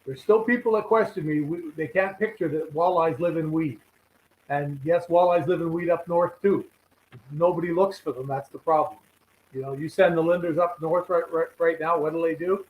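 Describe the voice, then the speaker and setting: A man's voice: on the high side, normal speed, roomy sound, phone-quality sound. A man, a regular guest on a live fishing show, telling rambling anecdotes full of quoted dialogue. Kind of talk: casual storytelling chat.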